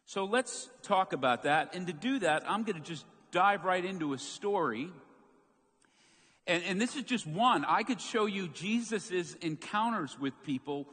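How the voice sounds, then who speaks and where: A man preaching a sermon as pastor, telling a story with lively, acted-out moments. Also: high-pitched, measured pace, slightly rough. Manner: animated storytelling, acts out quoted shouts. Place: church sanctuary. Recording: long church hall reverb.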